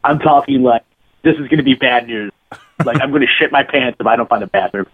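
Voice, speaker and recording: A man's voice: medium pitch, quick pace, slightly rough. A man, a podcast guest, telling a rambling, profane anecdote in casual chat and laughing as he goes. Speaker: podcast guest, bass player. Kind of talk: casual storytelling. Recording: phone-like lo-fi sound.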